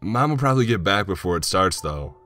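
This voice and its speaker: A man's voice: deep voice, lively intonation, a little fast, bright, forceful tone, soft background music. A man voicing an impatient eighteen-year-old grandson. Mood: casual.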